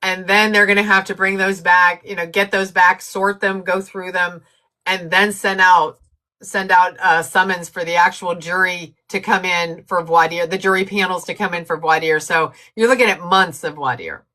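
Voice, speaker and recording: A woman with a bright, forward tone co-hosts a live-stream chat. She tells courtroom anecdotes with easy laughter and keeps up quick asides to her viewers. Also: on the low side, fairly even intonation. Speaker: co-host.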